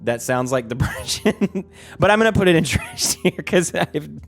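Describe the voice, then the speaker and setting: A man's voice: fairly high pitch, expressive, moderate pace, creaky, soft background music. Rambling, profane male streamer. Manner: rambling and profane, heavy use of "like". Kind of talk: casual livestream chat.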